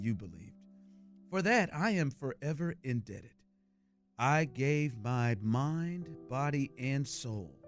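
A man doing a solemn retiring basketball star. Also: mid-range voice. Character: retiring adult male basketball star, heartfelt farewell. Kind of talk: impression reading a farewell post aloud.

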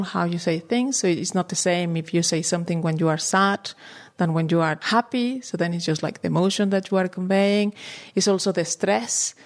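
A woman researcher patiently explaining language development step by step in an interview. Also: fairly low pitch.

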